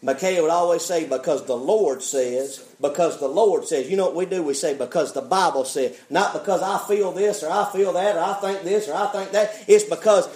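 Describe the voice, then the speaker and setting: High-voiced preacher in an echoey church. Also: male voice, normal speed, hardly any pauses, a little mellow. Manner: preaching with call-and-response, repeats "friend" and "why?". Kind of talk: fiery sermon. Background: congregation calling amen.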